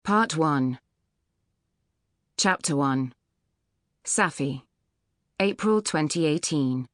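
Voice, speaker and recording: A woman reads a first-person novel with a low, measured, even delivery. The recording is close and dry, with no room sound at all. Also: no room sound. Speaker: audiobook narrator. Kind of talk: scripted first-person narration. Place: recording studio.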